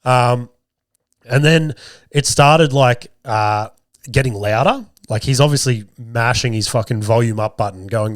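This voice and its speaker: A man hosts his podcast with a strained, sore throat, telling a long family anecdote. He rambles, swears freely and pokes fun at himself. The sound is dry and close, with a middling male pitch. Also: measured pace, no room sound. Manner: rambling, profane, self-mocking. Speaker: podcast host. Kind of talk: casual storytelling monologue.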